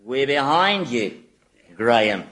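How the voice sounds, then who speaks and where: Brief: a husky, sly devil, wry and mocking, radio comedy. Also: male voice, mid-range voice, big pitch swings, slow, fairly bright tone, full character voice. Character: sly, world-weary male devil.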